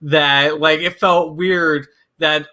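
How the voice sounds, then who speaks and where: A man guesting on a casual film chat, musing aloud with lots of "like" and a relaxed delivery. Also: on the high side, slow. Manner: relaxed, hedging with fillers like "like".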